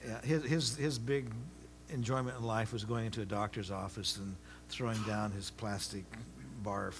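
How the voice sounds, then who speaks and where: A man's voice: fairly low pitch, steady tone, moderate pace, noisy background. An older male pastor adding brief, dry asides during his son's sermon. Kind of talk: casual chat.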